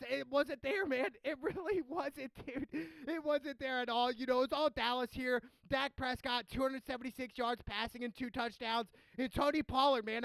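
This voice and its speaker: A man's voice: very high-pitched, creaky, a bit bright, no echo, poor audio. A man giving a blunt, slangy football recap as a streamer, trash-talking teams in casual chat. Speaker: sports streamer.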